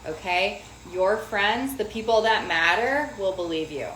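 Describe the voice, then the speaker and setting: A woman's voice: medium pitch, expressive, measured pace, fairly bright tone. A woman in her forties giving casual self-help advice, emphatic, repeating key phrases and checking for agreement. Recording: roomy sound with faint noise.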